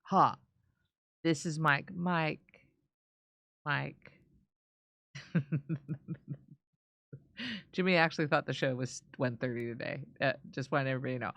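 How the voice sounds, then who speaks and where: Bright, playful woman reading the live chat. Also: on the low side, lively intonation, measured pace, long pauses, dry recording. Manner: playful, jokey, reads names aloud. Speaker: co-host reading viewer comments.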